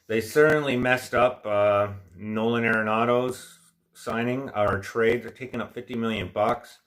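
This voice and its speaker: A man's voice: mid-range voice, bright, forceful tone. A man hosting a casual livestream chat, talking in a rambling, opinionated, frustrated way, with a stuffy nose from allergies. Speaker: livestream host.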